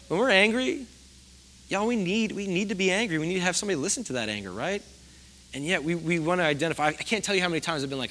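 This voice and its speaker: Bright-voiced man preaching a casual sermon. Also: high-pitched, lively intonation, very fast. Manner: conversational, self-deprecating, asks the audience questions. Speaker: pastor.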